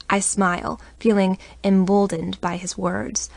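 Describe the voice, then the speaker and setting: Woman reading a romance audiobook, low voice with lots of fry. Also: little pitch movement, unhurried, hardly any pauses, dry recording. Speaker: audiobook narrator. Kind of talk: first-person romance audiobook narration.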